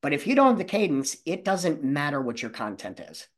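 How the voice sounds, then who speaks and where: A man's voice: fairly high pitch, big pitch swings, brisk. A man who trains salespeople, answering interview questions in a confident, coaching manner.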